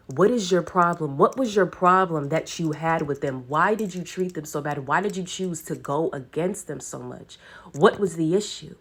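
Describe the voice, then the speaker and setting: A woman reading a spiritual message to her viewers, talking earnestly and repeating rhetorical questions. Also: low-pitched. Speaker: spiritual reader.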